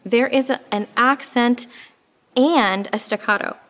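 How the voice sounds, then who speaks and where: A woman's voice: fairly high pitch, unhurried, a bit bright. A woman teaching an oboe lesson, explaining patiently and with frequent fillers. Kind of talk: instructional music lesson.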